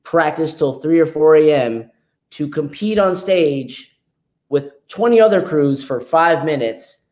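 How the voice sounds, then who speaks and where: A man's voice: a little high, animated, a little slow, darkish tone. Laid-back young man, casual chat. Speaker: podcast guest, dancer.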